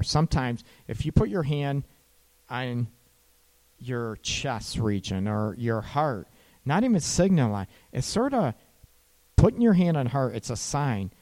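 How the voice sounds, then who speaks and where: A man hosting an advice show, talking casually about calming arguments between partners and tagging his sentences with "right?". He sometimes voices what a partner might say. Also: medium pitch. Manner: conversational, frequent "right?" tag questions; acts out partner's lines in quoted dialogue. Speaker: relationship advice host.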